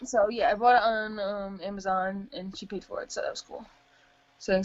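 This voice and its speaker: A woman's voice: mid-range voice, steady tone, normal speed, dry recording. A woman co-hosting a casual gaming podcast, giggling often, swearing freely and trailing off into restarts. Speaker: podcast co-host. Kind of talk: casual chat. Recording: dull lo-fi home recording.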